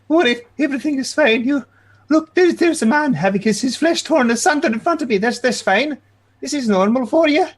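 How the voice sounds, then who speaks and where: Flustered little old lady voice way up high, stammery and fussy, a guy putting it on. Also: animated, fairly quick. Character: fussy timid old woman adventurer.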